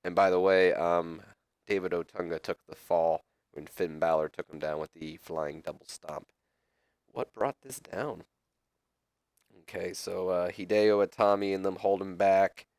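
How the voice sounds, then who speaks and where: Lower-pitched man rambling through game commentary. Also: steady tone, a little slow, a little mellow, no room sound. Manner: rambling, self-correcting, joking asides to viewers. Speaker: let's play host. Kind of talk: casual gameplay commentary.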